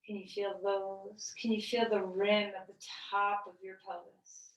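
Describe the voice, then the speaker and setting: A woman leads a gentle yoga class from the floor, asking slow, calm questions about what the body feels. Her voice sits in a middle pitch and reaches the mic from a little distance in an echoey room. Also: highs cut off. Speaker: yoga teacher. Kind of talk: guided yoga class instruction.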